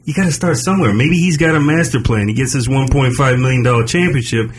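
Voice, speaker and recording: A man's voice: medium pitch, fast, a little hiss or hum. A man co-hosting a comedic radio talk show, reading news items aloud and cutting in with his own takes. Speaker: co-host.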